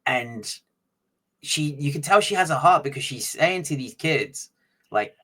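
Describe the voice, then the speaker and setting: A man's voice: fairly high pitch, expressive, measured pace, pushed and bright. A man co-hosting a podcast in casual chat, talking loosely with many fillers and asking teasing questions. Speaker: podcast co-host.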